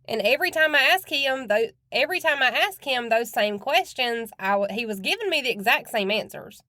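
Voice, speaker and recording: A woman's voice: fairly high pitch, animated, fairly quick, few pauses, sharp tone, no room sound. A woman hosting a true crime podcast, talking in a blunt, chatty and casual way with some cursing. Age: adult with children.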